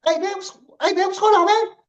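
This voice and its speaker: A man putting on a squeaky, fast-talking coach. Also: fairly even intonation, distant mic, lo-fi sound. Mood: eager. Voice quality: high-pitched, rapid-fire. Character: excitable fast-talking male high school basketball coach.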